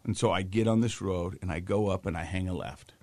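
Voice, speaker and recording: A man in his thirties co-hosting a casual chat show, telling a story with lively acted-out quotes. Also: sits low, brisk, dry recording. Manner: animated storyteller who acts out quotes. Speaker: podcast co-host.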